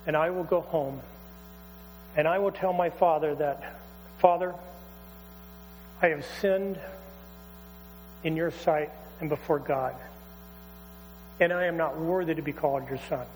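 A preacher voicing a humbled young son. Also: male voice, fairly high pitch, unhurried, long pauses, lightly acted. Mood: humble. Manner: earnest, humble pleading. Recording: hall reverb, faint mains hum.

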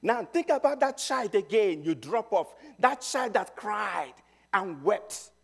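A middle-aged man preaching a sermon, telling stories with emphasis and swinging between loud and hushed. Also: high voice, big pitch swings, slow pace, creaky, breathy edge.

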